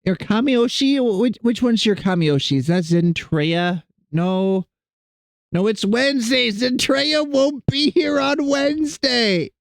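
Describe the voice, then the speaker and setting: A man's voice: very high voice, lively intonation, takes it slowly, vocal fry, no room sound, clean studio sound. A man streaming and chatting casually with his viewers, rambling and self-deprecating as he greets people in chat.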